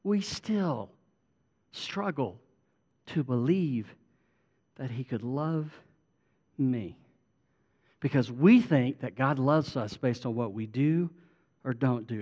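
A man preaching a sermon as a pastor, moving from emphatic declarations to a quiet, intimate prayer voice. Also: medium pitch, expressive, slow, pauses often.

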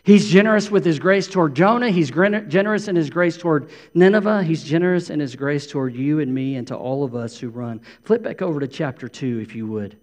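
A man's voice: fairly high pitch, fairly quick, few pauses. A middle-aged man preaching a sermon, repeating phrases for emphasis as a pastor. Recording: long hall reverb.

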